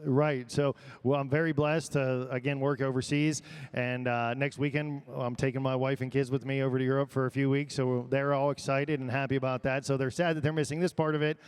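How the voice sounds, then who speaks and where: A man's voice: mid-range voice, level tone, fairly quick, clean tone. A man answering interview questions as an auctioneer contestant, easygoing and modest. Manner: easygoing, modest replies with fillers.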